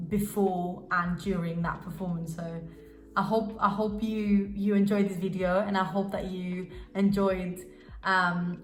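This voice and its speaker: A young woman vlogging about her dance work, gushing and emotional, with many restarts and fillers. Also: medium pitch. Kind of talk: casual storytelling vlog. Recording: roomy sound with faint music.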